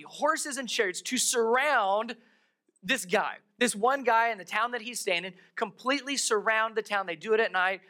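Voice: medium pitch, bright, forceful tone. A pastor preaching a sermon in a conversational way, retelling a scripture story with asides to the congregation. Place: church service held in a darkened theater.

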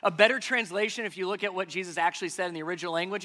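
A man delivers a church sermon in a high, bright, forceful voice. He stresses his points by repeating key phrases and building them up. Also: racing. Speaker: pastor.

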